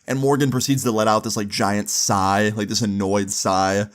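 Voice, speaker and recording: A man's voice: fairly low pitch, flat delivery, moderate pace, hardly any pauses. A young man casually telling a long story, rambling with many asides and swearing freely.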